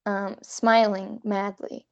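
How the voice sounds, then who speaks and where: A woman improvising a comic scenario for her friends, rambling with quick, profane asides. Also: medium pitch, flat delivery, gravelly, clean tone, dull audio. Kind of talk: casual comedic storytelling.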